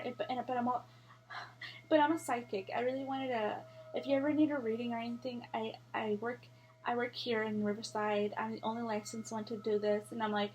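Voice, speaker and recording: A young woman tells her story in a loose, rambling way, full of fillers, swearing and acted-out quotes. Her voice sits a little high. A faint hum runs under the recording. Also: a little fast. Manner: rambling, animated, swears freely, acts out quotes. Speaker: vlogger. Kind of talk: casual storytelling to camera.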